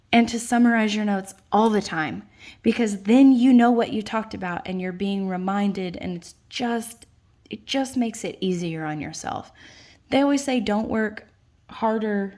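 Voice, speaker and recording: A woman teacher, tired late at night, slowly and patiently walking students through their notes in a recorded lesson. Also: medium pitch, a little mellow. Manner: slow, patient explaining.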